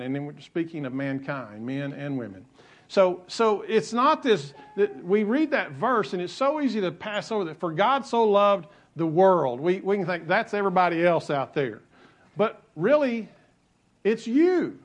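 Male pastor, sermon, conversational asides, repeated phrases, somewhat high voice. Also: lively intonation, normal speed.

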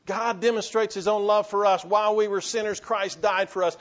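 A man's voice: high voice, fairly even intonation, fairly quick, few pauses, dull audio. A man, a pastor delivering an impassioned sermon full of restarts and calls to the congregation. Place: church sanctuary.

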